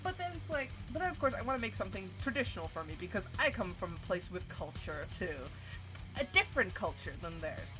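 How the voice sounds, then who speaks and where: A young woman tells a story on her live stream, and her delivery is animated, exasperated and full of swearing. Her pitch sits in a middle range for a woman. Music plays clearly underneath her voice. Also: a little fast. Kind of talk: casual storytelling rant. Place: home streaming setup. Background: background music.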